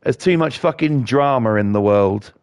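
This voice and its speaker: A man's voice: mid-range voice, lively intonation, moderate pace, a little mellow, clear, resonant tone, no echo. A man, ranting and swearing in a rambling way while he plays a video game. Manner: profane, rambling, indignant. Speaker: gaming YouTuber.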